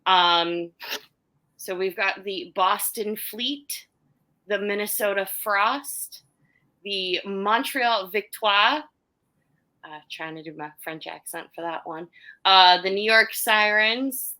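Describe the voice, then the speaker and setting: Bright-voiced woman podcast co-host. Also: fairly low pitch. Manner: chatty, quick, trails off with ums. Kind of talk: casual hockey podcast chat. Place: hotel room.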